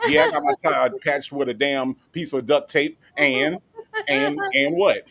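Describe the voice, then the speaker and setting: A man's voice: medium pitch, steady tone, measured pace, fairly bright tone, dry recording. A man, co-hosting a livestream chat, mocking and laughing often. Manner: mocking, laughing often, drops into put-on street voice. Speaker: co-host.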